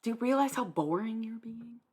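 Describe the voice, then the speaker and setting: A woman's voice: a little high, animated, brisk, a little mellow, a little hiss or hum. A young woman livestreaming, answering her chat in a blunt, sarcastic, dismissive way and swearing freely. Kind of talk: live stream chat reply.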